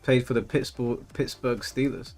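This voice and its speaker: With a medium pitch, fairly even intonation, and normal speed, this slightly mellow man in his thirties relaxes on a gaming stream. He reads chat aloud and often stumbles and repeats himself, while game music plays.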